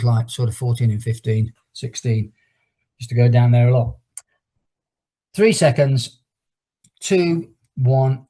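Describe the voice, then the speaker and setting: A man's voice: medium pitch, dark tone. A middle-aged man who teaches fitness leads an online exercise class over a video call. He tells a long rambling story and breaks off to count down each exercise. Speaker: fitness instructor.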